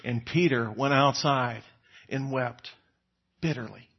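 A man preaching a conversational sermon, acting out quoted lines with sudden rises in pitch and volume. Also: slow pace, slightly rough, highs cut off.

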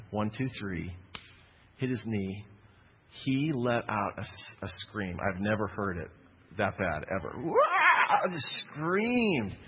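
A man's voice: mid-range voice, big-room sound, muffled recording, slight background noise. A man preaching a sermon, telling a personal story in a conversational way with jokey asides.

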